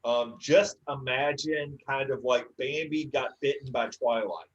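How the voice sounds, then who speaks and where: A man's voice: mid-range voice, fairly even intonation, unhurried. Man telling stand-up stories, muffled sound. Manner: dry storytelling with filler "uh"s. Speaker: stand-up comedian. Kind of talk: stand-up set.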